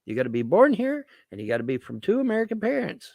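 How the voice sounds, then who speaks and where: A man's voice: sits high, huge pitch swings, fast, vocal fry, a little mellow, no echo. A man ranting to his viewers as a vlogger, swearing, repeating himself and asking rhetorical questions. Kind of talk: rambling political rant to camera.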